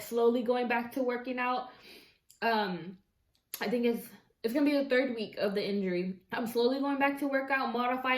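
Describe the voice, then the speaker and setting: Chatty woman vlogger in an echoey room. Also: fairly high pitch. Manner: chatty and expressive, slangy asides to viewers. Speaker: mukbang vlogger. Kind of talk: casual storytelling while eating.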